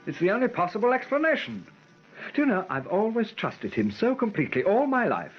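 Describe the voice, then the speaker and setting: An actor playing an anxious, wry young aristocrat with a slightly husky voice. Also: male voice, high voice, huge pitch swings, brisk, lo-fi sound, faint music behind, full character voice. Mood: fretful. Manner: wry, fretful, clipped.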